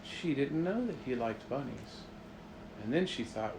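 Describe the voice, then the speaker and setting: Man, playful bedtime storyteller, gravelly voice, roomy room. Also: medium pitch, expressive, measured pace, background noise.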